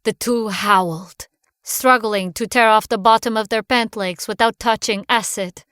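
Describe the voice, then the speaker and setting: A woman reading a first-person horror story aloud in a measured, hushed manner. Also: mid-range voice, steady tone, smooth, no echo, studio quality. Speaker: narrator. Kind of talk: scripted horror narration.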